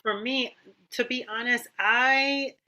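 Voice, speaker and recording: A woman opera singer and mother telling her story in an animated, casual way in a panel chat, calling people honey and girl. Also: fairly high pitch, slow pace.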